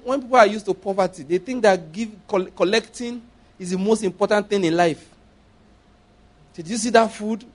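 A middle-aged man with a Nigerian accent preaching a sermon, playful and acting out dialogue between points. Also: high-pitched. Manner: playful, acts out dialogue, laughs often. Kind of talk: sermon with acted-out stories.

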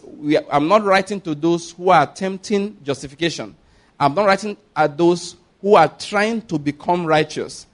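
A man preaching a sermon in a slightly higher-than-usual voice. He reads scripture slowly and with mounting emphasis, then breaks off to explain it at a brisk pace. He speaks straight to his congregation and asks them to repeat words back. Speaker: pastor.

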